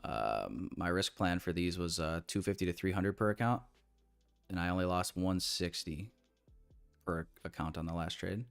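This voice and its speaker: A man's voice: low voice, animated, normal speed, vocal fry, clear, resonant tone, soft background music. A man giving casual live trading commentary in a laid-back, slangy way with lots of fillers. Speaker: day trader streamer.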